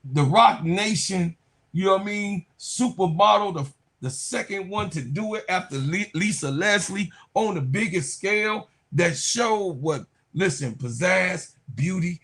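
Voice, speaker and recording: Male sports vlogger, fairly high pitch and husky voice, slangy and hyped, repeats lines for emphasis. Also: a bit bright. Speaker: sports channel host. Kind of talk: casual sports commentary.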